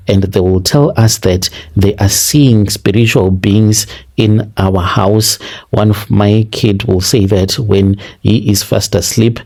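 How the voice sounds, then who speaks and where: A man with a Zimbabwean accent narrating a listener's confession in the first person, in an earnest, deliberate retelling that repeats phrases. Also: on the low side, a little mellow. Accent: Zimbabwean English.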